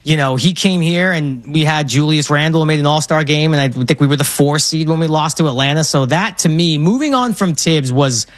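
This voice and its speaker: A man in his thirties from Brooklyn with a New York accent, telling stories with animated enthusiasm. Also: on the high side, brisk, hardly any pauses, no room sound. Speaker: guest. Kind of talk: casual chat.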